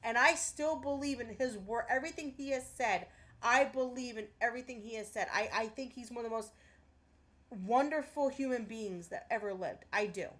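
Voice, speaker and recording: A woman livestreamer talks with her viewers in a slightly high, somewhat bright voice at normal speed. Impassioned and earnest, she's emotional and near tears, repeating herself as she goes in this casual chat.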